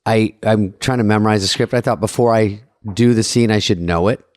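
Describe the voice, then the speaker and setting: A man's voice: lowish voice, brisk, no echo, studio quality. A middle-aged man co-hosting a podcast, telling stories in casual chat, acting out quotes with a lot of swearing. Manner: animated anecdote-telling with acted-out quotes and swearing. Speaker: podcast co-host.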